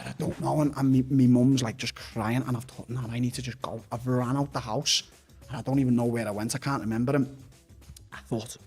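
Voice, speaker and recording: A man's voice: mid-range voice, breathy edge. A man with a Liverpool accent, a fighter and podcast guest, telling his story bluntly, swearing constantly and restarting sentences. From Liverpool, England. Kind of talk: candid personal storytelling.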